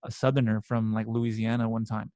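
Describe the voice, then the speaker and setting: A man's voice: lowish voice, little pitch movement, a little fast, warm tone, no echo. A man hosting a casual interview, chatty and enthusiastic, often laughing. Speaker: podcast host.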